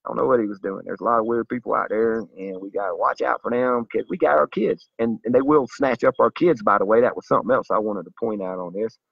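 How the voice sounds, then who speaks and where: A man with a lowish, slightly rough voice and vocal fry talks fast with few pauses, and there's no room sound. He's a vlogger delivering a zealous, preachy monologue straight to camera in a slightly dull lo-fi recording, earnest in tone.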